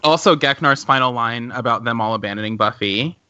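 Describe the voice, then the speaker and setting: A bright, forceful-toned man talks in a relaxed fan chat, wry and full of halting fillers. His voice comes through a dull, lo-fi recording. He riffs along with the others as a co-host. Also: medium pitch, clean tone. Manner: chatty, halting with many "like"s, wry.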